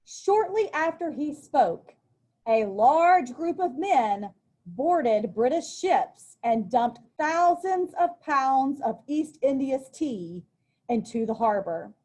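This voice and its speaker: A woman teacher with a high, sing-song voice and a darkish tone speaks at a slow pace. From a desk with a workbook, she reads a text aloud for a recorded lesson and then explains it chattily, with casual asides.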